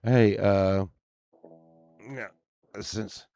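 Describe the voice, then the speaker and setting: A man's voice: on the low side, steady tone, extremely slow, creaky, mellow, no echo, studio quality, soft background music. A man streaming, telling casual, rambling, profane stories full of fillers and restarts.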